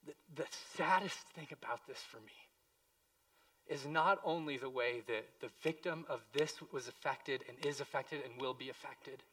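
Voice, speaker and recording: A man preaching a sermon as pastor, impassioned, moving between hushed pleading and loud emphasis. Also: mid-range voice, normal speed, recorded from a distance.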